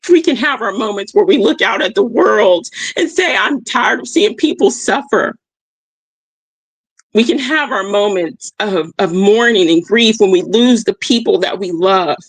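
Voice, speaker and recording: A woman's voice: mid-range voice, slightly rough, no room sound. Emphatic woman host, dry close sound. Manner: emphatic, repeats key phrases, checks in with "okay?"; addresses listeners warmly as "y'all". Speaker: livestream host. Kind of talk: motivational reflection talk. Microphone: streaming mic.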